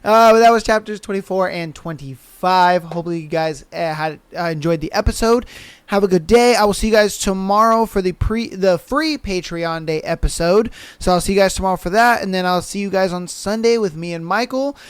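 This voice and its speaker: Male podcast host, casual outro, high and smooth voice, dry sound. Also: a little fast, no echo. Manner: relaxed, rambling with fillers. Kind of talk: casual sign-off.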